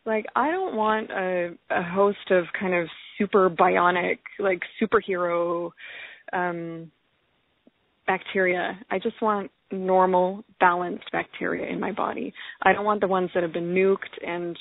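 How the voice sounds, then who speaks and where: A woman's voice: lowish voice, steady tone, measured pace, creaky, no room sound. A woman guest in casual conversation who talks with enthusiasm, often laughs and repeats her words. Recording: tinny phone line.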